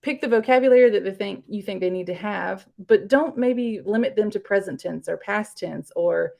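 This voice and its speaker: A woman's voice: mid-range voice, normal speed, creaky, a little mellow. A woman teacher, giving a casual live online workshop in a chatty, rambling way, full of fillers.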